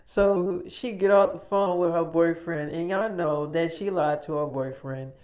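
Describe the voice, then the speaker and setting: A man's voice: on the high side, steady tone, measured pace, a little mellow. A man casually narrating an improvised audio story, boastful and full of swearing.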